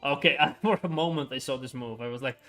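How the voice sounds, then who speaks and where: A man's voice: mid-range voice, fast, fairly bright tone, soft background music. A young man chatting casually on a gaming livestream, rambling with frequent chuckles and filler words.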